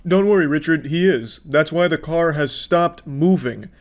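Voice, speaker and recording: A man's voice: a little high, normal speed, faint music behind. A man giving sarcastic, profane reaction commentary on clips. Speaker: commentary host.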